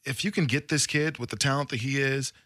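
A man co-hosting a sports radio show, talking in a relaxed, casual way. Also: mid-range voice, fairly quick, dry recording, clean studio sound.

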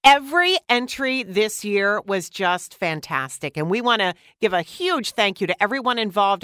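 A woman's voice: on the high side, bright, forceful tone, no echo, studio quality. A woman co-hosting morning radio, making announcements and playing along in a quiz with a bubbly, teasing manner. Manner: bubbly, laughing, quick to tease. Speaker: radio co-host. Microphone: studio microphone.

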